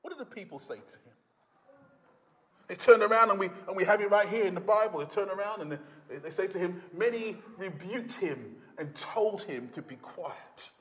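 A man with a high voice preaches a sermon with dramatic flair. He acts out the voices of the people in his Bible stories and swells to loud emphasis. His voice rings with the long reverb of a church hall. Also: expressive, moderate pace.

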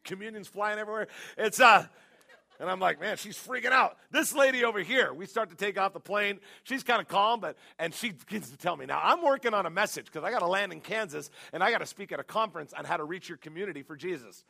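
A man preaches a sermon, telling jokey stories and breaking into animated, shouted bursts. His voice sits high and carries a gravelly edge. The tone is bright and sharp. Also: fast talker. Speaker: pastor.

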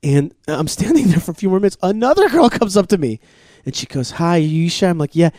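A man co-hosting a podcast, telling stories in an animated, excitable way, acting out what others said and restarting his sentences often. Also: high voice, quick pace, no echo, clean studio sound. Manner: excitable, acts out quoted voices, many restarts. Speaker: podcast co-host. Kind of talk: animated storytelling chat.

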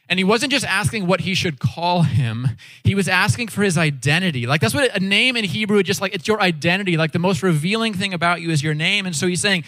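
A man preaching a sermon in a casual, animated way, acting out quoted voices as he tells stories. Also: high voice, a little fast, no echo. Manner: casual, with frequent "like" and "all right". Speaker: pastor.

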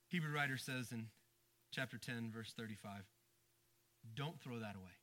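Bright-voiced preaching man. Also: moderate pace, long pauses. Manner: conversational preaching, dropping low and quiet for emphasis; frequent stammered restarts. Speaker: pastor. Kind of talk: sermon.

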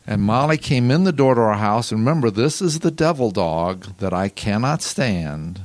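A man's voice: on the low side, expressive, fairly quick, few pauses, dry recording. An older man, a book author and guest, telling a personal story on a podcast.

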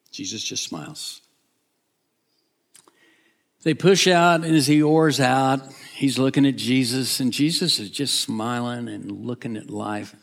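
A man's voice: medium pitch, unhurried, creaky. A man preaching a sermon, retelling a Bible story dramatically, acting out the characters and sometimes dropping to a whisper.

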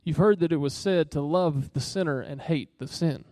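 A man's voice: on the high side, normal speed, dark tone, no echo, clean studio sound. Earnest, conversational male preacher. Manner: conversational, earnest, asks the listeners direct questions. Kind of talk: sermon.

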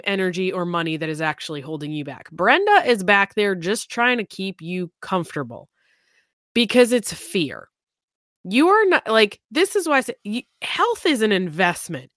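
A woman's voice: medium pitch, fairly bright tone, no echo. A woman health coach delivers an emphatic, profanity-laced motivational monologue. Her voice sits in a middle range and is recorded dry and close.

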